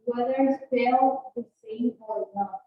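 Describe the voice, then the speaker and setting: A woman student who speaks Spanish as a first language, quietly reading out a definition on a video call. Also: on the high side, a little slow. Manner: flat, reads a definition quietly. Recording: distant tinny phone-like call in echoey room.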